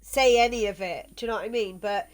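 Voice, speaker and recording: A woman streaming a video game, chatting casually with viewers in a halting way, tripping over words. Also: medium pitch.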